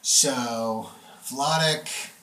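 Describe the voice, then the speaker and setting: A man working as game master, explaining rule changes in a relaxed, chatty way and checking in with his players. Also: mid-range voice, very slow. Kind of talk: explaining rules and narrating a tabletop game. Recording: echoey room.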